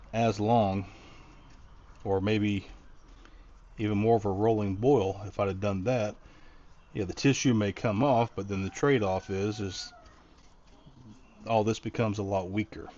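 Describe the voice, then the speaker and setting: Middle-aged guy, lowish voice, rambling diy walkthrough, kinda muffled home video sound. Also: mellow. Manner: rambling, thinking aloud with many restarts. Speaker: DIY vlogger.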